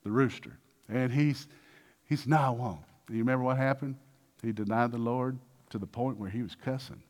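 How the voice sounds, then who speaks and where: A pastor delivers an energetic sermon at a medium pitch and normal speed, acting out small dialogues and moving between loud bursts and quiet stretches.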